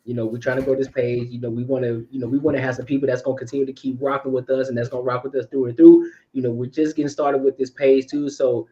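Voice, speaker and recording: A young man co-hosting a podcast in a relaxed, friendly way, often repeating phrases as he thanks viewers. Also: mid-range voice, fast talker, few pauses, dull audio. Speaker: podcast co-host. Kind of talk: casual chat.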